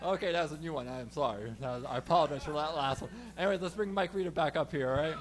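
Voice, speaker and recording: A man performing a stand-up comedy set, telling an animated story with shouted sound effects. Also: on the high side, quick pace.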